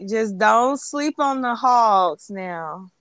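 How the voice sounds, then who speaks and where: A woman's voice: a little high, lively intonation, drawn-out words, a bit bright, slight background noise. Teasing woman podcast co-host. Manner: teasing, amused. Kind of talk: casual chat.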